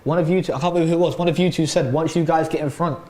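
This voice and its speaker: A man chatting quickly and casually on a football watchalong panel, firing off reactions and retelling what others said. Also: fairly high pitch, steady tone, a little mellow. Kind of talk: fast casual match chat.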